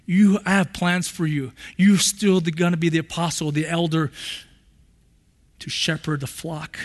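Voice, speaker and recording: A tender, hushed Jesus gently reassures a friend, as a preacher voices him. The voice is soft and warm in intent. A long hall reverb trails behind each word. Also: male voice, fairly high pitch, steady tone, unhurried, voice pushed down, close to an everyday voice. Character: Jesus, tender grown man restoring a friend.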